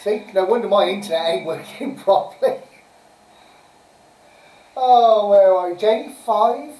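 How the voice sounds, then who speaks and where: Speaking a little slowly in a dark, mid-range voice, a woman hosts a casual live-stream quiz. She is chatty and giggly as she reads out answers and scores, and a distant mic makes the sound roomy.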